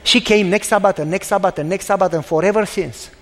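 A male pastor with a very high voice preaches in an animated, emphatic storytelling manner. His voice carries a long reverb from a large hall. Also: fast talker, slight background noise. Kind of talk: storytelling sermon.

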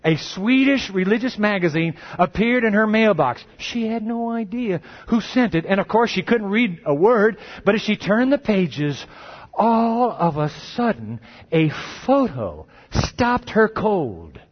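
A man preaching a sermon, telling a story dramatically and dropping his voice low and slow for emphasis. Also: sing-song. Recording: dull lo-fi recording.

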